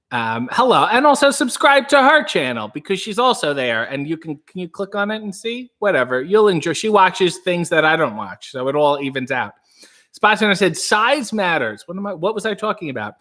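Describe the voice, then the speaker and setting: A man's voice: sits high, sharp tone. A man hosting a casual livestream, rambling and joking while he reads out chat comments. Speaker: livestream host.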